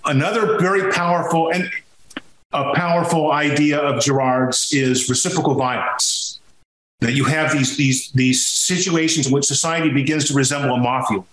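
A man's voice: on the high side, steady tone, normal speed, a bit bright, roomy sound, slight background noise, poor audio. A man from Sicily talking as a podcast guest, telling his story emphatically with frequent restarts. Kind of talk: conversational podcast interview.

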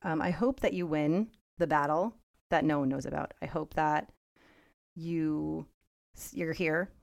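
A woman co-hosts a laid-back podcast, talking in an earnest, encouraging way. Her voice sits a little on the low side. She sounds heartfelt as she speaks to the listeners. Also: measured pace, vocal fry. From United States. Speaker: podcast co-host. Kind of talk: casual podcast chat.

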